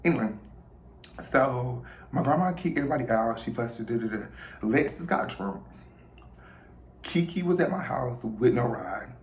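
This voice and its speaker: A young adult vlogger telling a story in an animated, profane, gossipy way. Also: medium pitch, moderate pace, pauses often. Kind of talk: casual storytime vlog. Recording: roomy room, faint noise.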